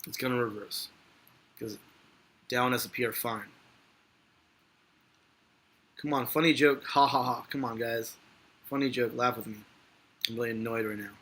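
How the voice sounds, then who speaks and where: A man's voice: mid-range voice, fairly even intonation, brisk, long pauses, fairly bright tone. A man giving live stock market commentary in a rambling, frustrated, joking way.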